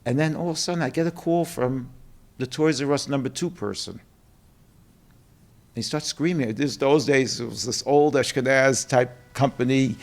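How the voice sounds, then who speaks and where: Middle-aged man, New York accent, gravelly voice, lively storyteller who acts out the quotes. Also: mid-range voice. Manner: animated storyteller acting out quotes. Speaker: guest, company co-president. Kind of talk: storytelling interview.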